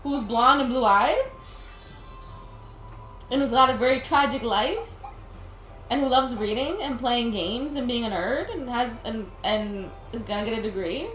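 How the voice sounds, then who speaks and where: A woman's voice: fairly high pitch, measured pace, pauses often, a bit bright. A young woman chatting while she plays a video game, rambling and laughing, with a lot of "like". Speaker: gaming video host. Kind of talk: casual chat while playing a game. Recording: roomy sound with game music behind.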